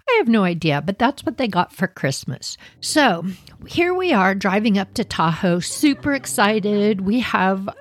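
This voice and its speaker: A middle-aged woman, telling stories casually, animated and laughing as she acts out voices. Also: mid-range voice, measured pace, no room sound. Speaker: storyteller host. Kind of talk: casual spoken storytelling.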